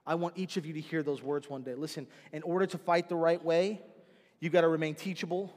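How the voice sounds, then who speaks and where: A man's voice: fairly high pitch, steady tone, brisk, a little mellow, in a large hall. A man preaching a sermon as pastor, telling stories animatedly and acting out the voices of the people in them.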